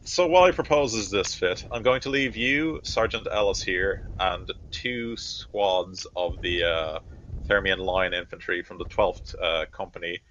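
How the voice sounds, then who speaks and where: A man playing a stern, deep-voiced army captain. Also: a bit bright, lo-fi sound, a little hiss or hum. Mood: commanding. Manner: measured orders broken by frequent "uh" pauses. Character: stern male army captain, commanding officer.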